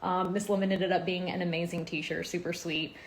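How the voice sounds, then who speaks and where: A woman's voice: fairly low pitch, flat delivery, a little fast, slight background noise. A woman, rambling through stories and product picks in a casual phone vlog, full of "like" and "um". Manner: chatty, rambling storytelling with lots of "like" and "um". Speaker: lifestyle blogger and home renovation host.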